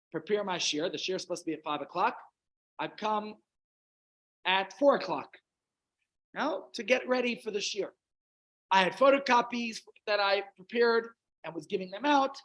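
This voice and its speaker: A man's voice: high voice, fairly bright tone, rough recording. A man with a Russian accent, a rabbi telling a long humorous anecdote in a chatty, self-interrupting way. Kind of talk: anecdotal storytelling talk.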